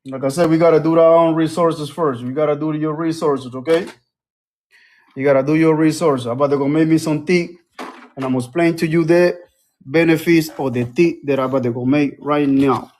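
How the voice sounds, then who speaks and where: A man's voice: on the high side, steady tone, brisk, darkish tone. A man talking casually on a phone livestream, repeating himself and urging viewers to act. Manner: repetitive, preachy, calls out to viewers.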